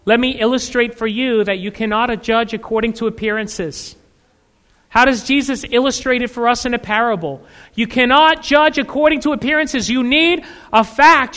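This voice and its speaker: High, bright-voiced male preacher in a big hall. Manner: animated preaching, voice leaping high and loud to act out voices of churchgoers. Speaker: pastor. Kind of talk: sermon. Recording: echoey hall with long reverb.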